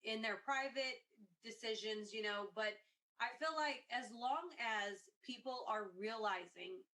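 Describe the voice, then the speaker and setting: A woman's voice: medium pitch, bright, forceful tone. A woman who is a former Marine and co-host, answering reflectively with many fillers. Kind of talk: casual interview answer.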